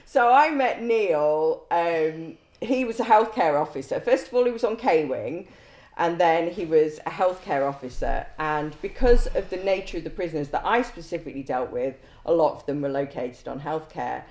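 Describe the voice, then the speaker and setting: A woman's voice: low voice, animated, normal speed, darkish tone. Blunt woman with a roomy echo. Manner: blunt, swears freely, laughs through anecdotes. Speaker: former prison governor. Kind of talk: storytelling in conversation.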